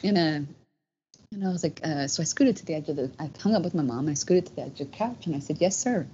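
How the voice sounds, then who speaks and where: Low-voiced woman, heartfelt rambling. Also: fast, warm tone, slight background noise. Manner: heartfelt, rambling, many "you know" fillers. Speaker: podcast guest. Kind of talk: casual storytelling. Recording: dull lo-fi podcast audio.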